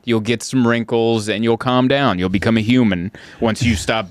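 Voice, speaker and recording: A man hosting a podcast in casual chat, telling animated stories and jumping into high voices when he quotes people. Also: normal speed, slight background noise. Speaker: podcast host.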